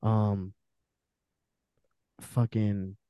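A young man speaking as a podcast guest, his voice very dark and mellow. He tells raw personal stories, swearing freely and flaring loud before dropping almost to a murmur. The sound is close and dry with no room around it. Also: lowish voice, flat delivery, very slow, clear, resonant tone, no room sound. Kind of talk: candid personal storytelling in conversation.

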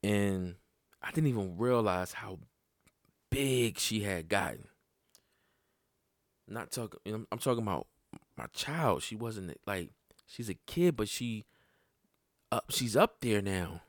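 A man's voice: animated, slow, pauses often, dry recording, studio quality. Blunt, profane man telling a story. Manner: profane, blunt, conversational; voice climbs high and loud when worked up. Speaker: father telling a personal story. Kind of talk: casual storytelling to camera.

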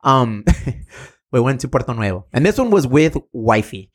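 A man's voice: medium pitch, big pitch swings, a little slow. A man in his thirties, co-hosting a podcast, telling rowdy stories with laughs, swearing and Spanish slang. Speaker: podcast co-host. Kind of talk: casual storytelling chat.

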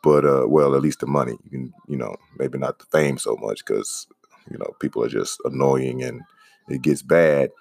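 A man hosting a casual podcast, rambling in a laid-back way and giving shout-outs to listeners. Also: very deep voice, steady tone, normal speed, creaky, dry recording. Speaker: podcast host; comedian.

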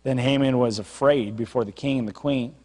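A man's voice: mid-range voice, steady tone, brisk, a little mellow, in a large hall. A man, a pastor, preaching a sermon in a conversational way, retelling a scripture story with acted asides.

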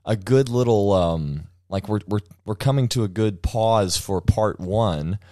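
A man with a lowish voice talks loosely in a casual podcast chat. He rambles, restarts his sentences and laughs often. The recording is close and dry, with no room sound. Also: unhurried, warm tone, no echo. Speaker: podcast host.

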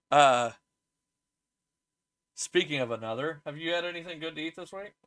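A man's voice: fairly high pitch, fast talker, fairly bright tone. A man with an Oklahoma accent, co-hosting a podcast in casual, teasing banter. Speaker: podcast co-host. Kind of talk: casual chat.

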